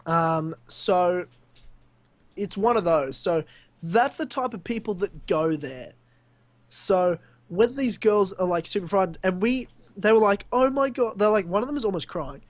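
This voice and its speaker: Young Australian man, high voice, animated storyteller, dry close sound; podcast co-host spinning anecdotes. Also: measured pace, dry recording. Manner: animated storyteller, laughs often. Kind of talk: casual storytelling chat.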